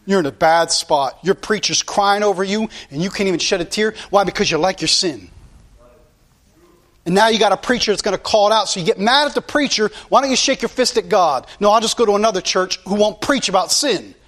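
A man's voice: sits high, brisk, fairly bright tone. A male pastor preaching a sermon in a blunt, impassioned way, repeating his points.

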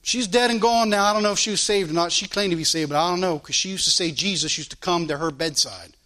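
A man's voice: high-pitched, fast talker, sharp tone. A man preaching a fervent sermon as pastor, quoting scripture in old-style wording.

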